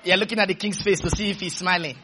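A man preaching a sermon, stretching his words out and shouting, then leading the congregation in call-and-response. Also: sits high, steady tone, fast talker, a faint crowd, slight background noise.

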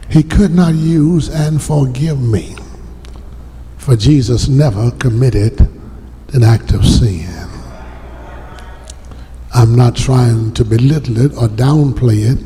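A male pastor delivering a sermon in a slow, deliberate preaching cadence and calling out to his congregation. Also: medium pitch, warm tone, in a large hall, a little hiss or hum. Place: church sanctuary.

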